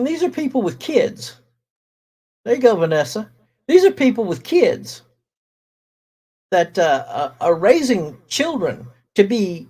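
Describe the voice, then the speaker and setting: A middle-aged man, hosting a casual livestream, talking slowly with many fillers as he greets viewers in chat. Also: high voice, darkish tone, rough recording. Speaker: livestream host reading chat.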